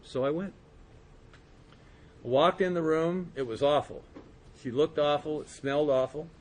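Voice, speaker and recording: A man giving a personal recovery testimony to a group, earnest and storytelling, slowing and softening at quiet moments. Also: fairly high pitch, fairly even intonation. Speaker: speaker sharing his recovery story.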